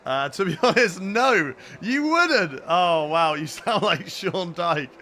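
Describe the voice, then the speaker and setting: A man's voice: high voice, animated, takes it slowly, pushed and bright, slight background noise. A young man live-streaming a racing game, chatting casually and answering viewer questions between laps. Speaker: gaming streamer.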